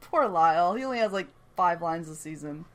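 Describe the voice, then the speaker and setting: A woman co-hosting a casual recap podcast, with a lively voice that swings widely in pitch. She is excitable, laughs often and swears casually. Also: fairly quick, a little hiss or hum. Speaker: podcast co-host.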